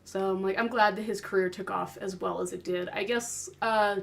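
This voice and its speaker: Her voice is mid-range and creaky, moving at a moderate pace, as this podcast co-host tells stories in casual talk, animatedly acting out quoted remarks.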